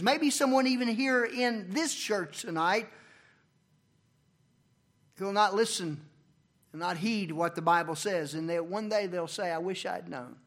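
Male preacher, high-pitched, dynamic delivery with big loud-to-soft swings. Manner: preaching with sharp swings from loud emphasis to near-murmurs. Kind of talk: sermon. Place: church.

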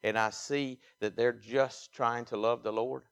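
Mississippi preacher delivering an emphatic sermon. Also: male voice, mid-range voice, fairly even intonation, a little slow, clear, resonant tone. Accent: Southern US, Mississippi. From Mississippi, USA. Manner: emphatic preaching, swinging from quiet asides to loud exhortation. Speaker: pastor.

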